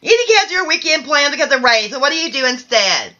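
A woman's voice: sits high, very animated, quick pace, sharp tone, dull audio. A woman hosting a mock gameshow, exasperated and playful, often swearing. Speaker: host. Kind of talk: game commentary, mock gameshow host.

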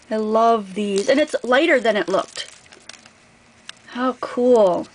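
Female craft vlogger, higher voice, effusive casual unboxing chat. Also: poor audio. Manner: gushing, effusive.

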